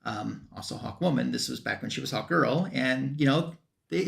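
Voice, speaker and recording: On a comic book panel stream, the show's host recaps a story in loose, rambling chat heavy with fillers. His mid-range voice is expressive and fairly bright, with vocal fry, at normal speed.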